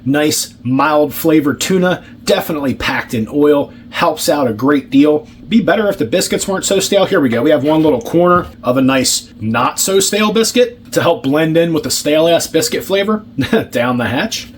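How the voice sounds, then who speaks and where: A man's voice: on the high side, expressive, normal speed, slight background noise. A man eating and reviewing food in a casual vlog, joking, sarcastic and swearing casually, humming and chewing as he talks. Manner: chews and hums with his mouth full. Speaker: ration review vlogger.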